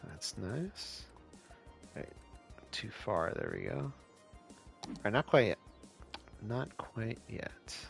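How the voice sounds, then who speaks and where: A man's voice: fairly low pitch, wildly swooping pitch, takes it slowly, gravelly, long pauses, soft background music. A man from California chatting casually with viewers while he plays a city-building game on a live stream. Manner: laid-back, chatty, answers chat questions.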